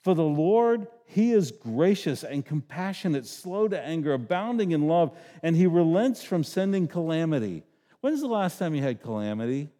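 Joking middle-aged pastor in a reverberant church. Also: male voice, fairly high pitch, big pitch swings, moderate pace, warm tone. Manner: conversational, joking, acts out voices. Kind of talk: sermon.

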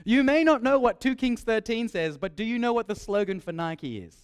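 A young man preaching a sermon, lively and joking, repeating his key phrases. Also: very high-pitched, fairly quick, clean tone.

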